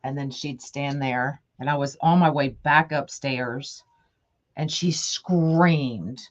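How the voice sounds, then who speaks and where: A middle-aged woman hosts a craft livestream, chatting casually with viewers by name and thinking aloud as she works. Her voice is very deep and slow, and the audio sounds dull.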